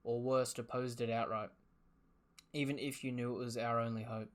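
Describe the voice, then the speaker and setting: A man reading aloud the lines of a dying male fox spirit, in a calm, matter-of-fact manner. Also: medium pitch, moderate pace, close to an everyday voice. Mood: tender. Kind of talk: reading manga dialogue aloud.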